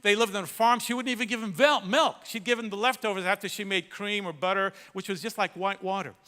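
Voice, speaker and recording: A man preaching a sermon as a pastor, telling a story in an animated way that swings from hushed to shouting. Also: sits high, fast talker. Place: large church hall. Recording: long hall reverb.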